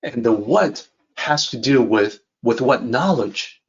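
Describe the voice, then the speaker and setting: A man teaching a lesson on a classic text, calmly repeating and rephrasing each idea. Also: medium pitch, dull audio. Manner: measured, repeats and rephrases ideas. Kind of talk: calm explanatory lesson.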